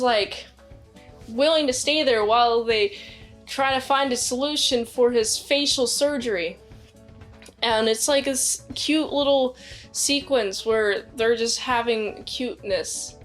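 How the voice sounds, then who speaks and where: A woman's voice: a little high, fairly bright tone. Rambling woman reviewing a movie. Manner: rambling, many "like"s, acts out quotes.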